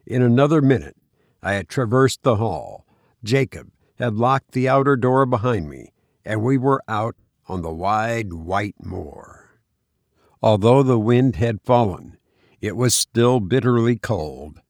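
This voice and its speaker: A man reading a story aloud as narrator in a measured, even way. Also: mid-range voice, no echo. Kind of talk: audiobook reading.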